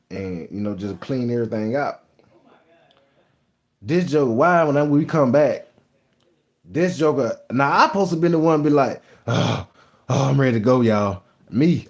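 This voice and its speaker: A man's voice: medium pitch, darkish tone. A young man with a Texas Southern accent, hosting a live stream, rambling and bragging in slangy casual chat. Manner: boastful, rambling, slangy storytelling.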